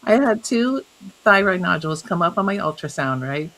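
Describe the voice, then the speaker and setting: Lady health coach guest, kinda low voice, gets animated telling stories. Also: moderate pace, a crowd in the background, poor audio. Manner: animated, laughs often, acts out quotes. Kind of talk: storytelling in an interview.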